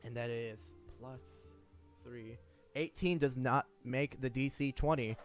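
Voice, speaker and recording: A young man narrating as game master, lively and quick with small stumbles. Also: medium pitch, faint music behind.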